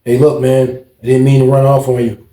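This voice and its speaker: A man voicing a slippery, smooth-talking male inmate as he reads out a letter in a lower, softer voice. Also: flat delivery, fairly quick, reverberant, natural voice. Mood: placating.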